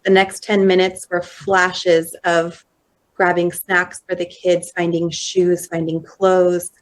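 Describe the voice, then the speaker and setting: Woman, thirties, conference storytelling talk, measured pace, steady flat delivery, lowish voice. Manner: slow, measured retelling with quoted dialogue. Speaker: conference speaker. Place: conference hall.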